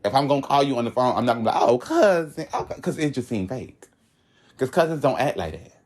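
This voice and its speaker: A young man from Florida telling a long story in casual chat, animated, laughing often, with sudden high-pitched outbursts and slang-heavy speech. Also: fast talker. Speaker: podcast guest telling a story.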